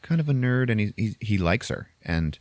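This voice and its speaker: Young man, podcast host, lowish voice, animated, profane, dry close sound. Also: normal speed, no echo. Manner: animated, profane, laughing, acts out lines. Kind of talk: casual chat retelling a movie.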